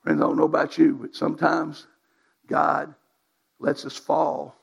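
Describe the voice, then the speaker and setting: This preacher speaks with a completely flat delivery, a little slow and with long pauses, his strongly gravelly, raspy voice sitting high for a man. In his sermon he reads scripture and exhorts the congregation in folksy, emphatic, everyday speech.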